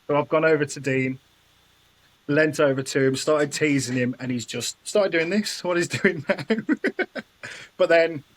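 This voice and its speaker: A man's voice: a little high, unhurried, a little hiss or hum, rough recording. A man telling a story playfully, laughing often, in a casual group chat. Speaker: scare actor and guest.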